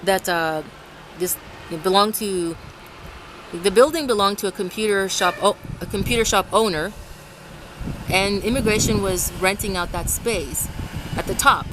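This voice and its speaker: A woman's voice: mid-range voice, moderate pace, long pauses. A woman from Ecuador vlogging casually outdoors in the rain and wind, rambling and restarting her sentences. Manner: rambling, restarts often, animated when quoting others. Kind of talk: casual talk to camera. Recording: faint outdoor traffic noise.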